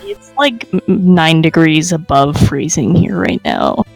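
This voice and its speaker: A woman player chats casually and lets her sentences wander. Her pitch rises and falls a lot, and faint music plays behind her. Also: wildly swooping pitch, measured pace, creaky. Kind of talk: casual chat.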